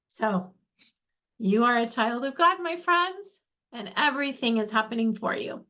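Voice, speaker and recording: A woman's voice: fairly high pitch, animated, measured pace, sharp tone, lo-fi sound. A middle-aged woman hosting a faith-based workshop over a video call. She speaks casually and earnestly, often turning to ask her audience questions. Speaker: workshop host and coach.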